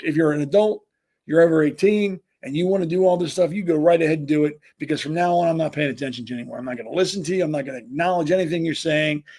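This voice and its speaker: A man with a somewhat high, husky voice rants as a podcast host. He hammers his points again and again and often stumbles into restarts as he pushes ahead. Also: a little mellow. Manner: emphatic, repetitive, stumbling restarts. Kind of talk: ranting political commentary.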